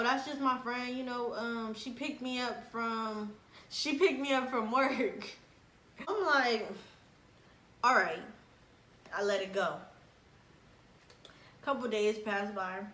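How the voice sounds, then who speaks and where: A young woman tells a personal story in casual chat, animated, laughing often and acting out what people said. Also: a little high. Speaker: vlogger telling a story. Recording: echoey room with faint background noise.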